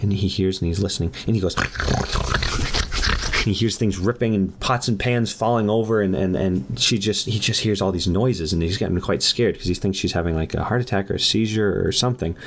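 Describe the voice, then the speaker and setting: Deep-voiced man rambling through a comic story. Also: fairly quick. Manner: rambling, playful, with fillers. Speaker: podcast storyteller host.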